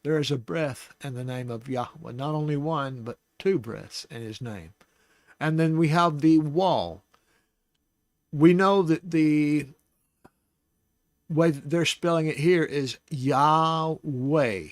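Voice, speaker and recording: A man hosting a Bible study, teaching casually and thinking aloud, with restarts and soft laughs. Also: fairly high pitch, takes it slowly, dry recording.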